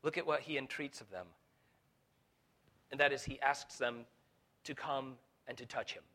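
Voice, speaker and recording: A man preaching a sermon as pastor, building to fervent peaks, with halting restarts and fillers along the way. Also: mid-range voice, steady tone, pushed and bright. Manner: preaching with rising intensity, voicing Jesus in quotes.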